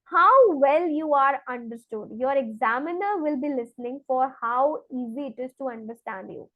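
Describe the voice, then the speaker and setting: A woman's voice: high-pitched, lively intonation, normal speed, dry recording, narrow, tinny audio. A woman, teaching an online exam-prep lesson step by step and checking in with rhetorical questions. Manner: explains step by step, asks rhetorical questions like "right?". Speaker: IELTS teacher.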